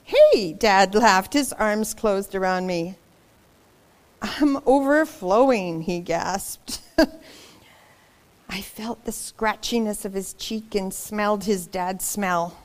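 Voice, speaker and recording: A woman reading a children's picture book aloud, expressive and dramatic, pausing for asides to young listeners. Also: medium pitch. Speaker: storybook reader.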